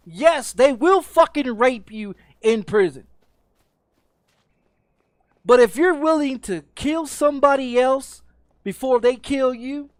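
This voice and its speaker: A man's voice: high voice, no room sound. Brief: middle-aged American male streamer, angry cursing rant, stammers and restarts, dry close mic. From United States. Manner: profane, angry, repeats and restarts words. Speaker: game streamer. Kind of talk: heated off-topic rant on a livestream.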